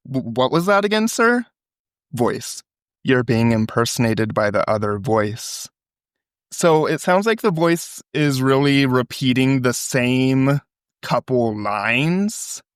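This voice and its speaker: A man's voice: mid-range voice, smooth, no echo, studio quality. A man co-hosting a podcast, reading a phone call transcript aloud and acting out the quoted lines. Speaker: podcast co-host.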